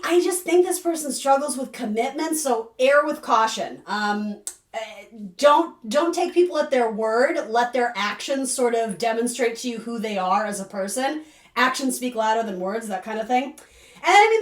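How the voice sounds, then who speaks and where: A woman's voice: a little high, recorded from a distance. A woman giving a casual, rambling tarot reading to camera, full of asides and fillers. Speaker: tarot reader. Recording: echoey room, voice a bit off-mic.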